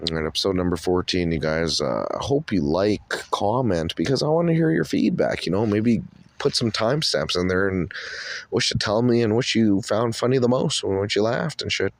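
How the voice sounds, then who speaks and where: A man's voice: fairly low pitch, animated, normal speed, no echo. A man hosting his podcast, telling stories in a rambling, profane, boastful way. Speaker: podcast host. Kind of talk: casual monologue.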